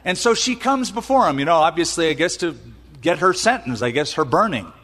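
A male preacher delivers a sermon with a fairly high voice, swinging between quiet asides and loud exclamations. He acts out the people in the story as he goes. A long reverb hangs in the hall around him. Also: a little fast. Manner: animated, acts out quotes, exclaims. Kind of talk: sermon, retelling scripture.

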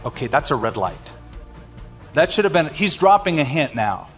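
A man's voice: medium pitch, animated, moderate pace, fairly bright tone, soft background music. Man preaching in a reverberant hall. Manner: reads scripture then explains it conversationally. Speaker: pastor. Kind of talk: expository sermon.

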